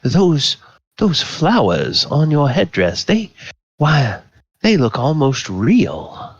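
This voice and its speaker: A man's voice: a little high, sing-song, slow pace, slightly rough, dry recording, dull audio, pitched above the performer's own voice, heavily acted. A man voicing a pompous, flowery nobleman in a tabletop game, overly polite and gallant. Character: pompous gallant nobleman in oversized white hat.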